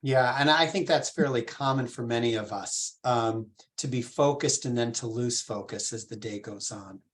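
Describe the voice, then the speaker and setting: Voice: medium pitch, moderate pace. Rabbi talking a small group through a text, easygoing, lots of "um" and "right?". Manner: explains patiently, asks the group questions; informal, with fillers and restarts. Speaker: rabbi teaching a text study. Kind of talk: conversational Torah class.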